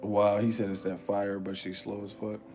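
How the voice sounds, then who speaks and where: Animated swearing man on a live stream. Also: on the low side, moderate pace, over music. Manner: animated storytelling, swearing, loud put-on voices. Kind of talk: casual live-stream chat.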